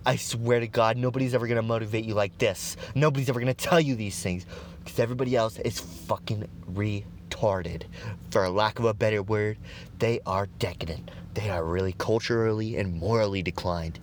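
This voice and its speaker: A man delivering an intense, profanity-heavy motivational rant, swearing constantly and breaking into shouted bursts. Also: on the low side, fairly even intonation, brisk, slight background noise. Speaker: motivational speaker.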